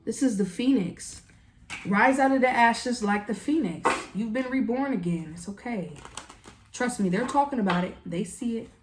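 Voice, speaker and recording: A woman's voice: a little high, normal speed, background noise. A woman giving an earnest, emotional tarot reading, speaking straight to the viewer in a casual way. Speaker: tarot reader. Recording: echoey room.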